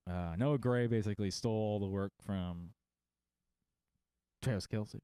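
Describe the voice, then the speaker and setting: Smooth low-voiced man hosting a sports show. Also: warm tone, no echo. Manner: rambling, reads off lists with quick asides; jokey and self-mocking. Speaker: fantasy football show host. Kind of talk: casual livestream commentary.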